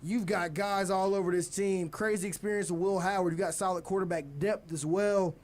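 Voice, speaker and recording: A young man with a fairly high voice hosts a college sports radio segment. He talks in an energetic, casual way, stalling for time and laughing as he runs the conversation. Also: fairly quick. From United States.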